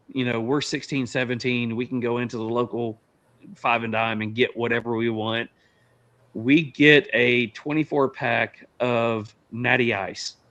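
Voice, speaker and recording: A man's voice: mid-range voice, a bit bright. A man with an ordinary mid-range voice hosts a casual podcast chat. He asks the questions and tells his own stories in a plain, easygoing way. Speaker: podcast host.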